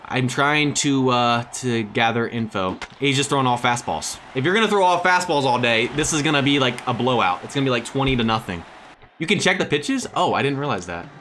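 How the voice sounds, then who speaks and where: A young man giving lively, excitable commentary on his own baseball video game, switching between hype shouts and muttered asides. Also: mid-range voice, fairly quick, a little hiss or hum. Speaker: gaming YouTuber. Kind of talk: excited live gameplay commentary. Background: background music.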